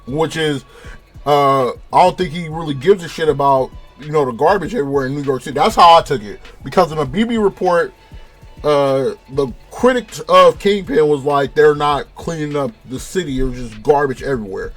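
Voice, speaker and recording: A young man from California rambles through a TV episode recap, swearing freely and retelling scenes with animated energy. His voice sits high for a man. Faint music plays underneath. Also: moderate pace. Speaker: show reviewer. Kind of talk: casual spoken review.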